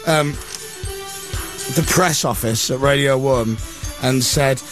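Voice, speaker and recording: A man's voice: mid-range voice, slow, fairly bright tone, faint music behind. A man hosting a radio breakfast show in a studio, telling stories in casual, self-mocking banter with his co-hosts. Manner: chatty, self-mocking storytelling.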